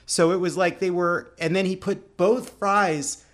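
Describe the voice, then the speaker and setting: A man with a slightly raised voice tells a story in relaxed podcast chat. He often breaks into laughter and pushes hard on his points. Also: high-pitched, unhurried. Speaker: podcast co-host. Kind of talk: casual chat.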